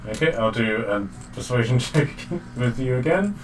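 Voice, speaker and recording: This is a dungeon master narrating a tabletop session: a man of medium pitch speaking at a moderate pace in an animated way. He's casual and chatty, dropping lots of fillers and laughing often, recorded from afar with faint noise behind him.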